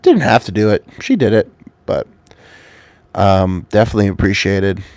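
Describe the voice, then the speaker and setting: A man with a fairly low voice tells a meandering, swear-filled story straight to camera from his home. He is getting over a cold, and his voice sounds dry and close, with no room echo. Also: expressive, normal speed, a little mellow. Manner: rambling, profane, offhand. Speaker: vlogger.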